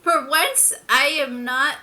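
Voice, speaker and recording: A woman with a high, bright voice playing a tabletop game. She chats in an animated, giggly way. Her tone is sharp and lively. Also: takes it slowly. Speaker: player. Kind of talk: casual tabletop play online.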